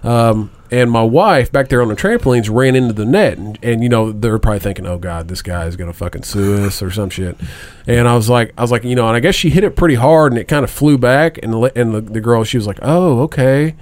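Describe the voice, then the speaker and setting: A man's voice: medium pitch, lively intonation, fast, few pauses, darkish tone. A man in his thirties telling a rambling, profane story in casual chat, laughing often. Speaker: podcast co-host.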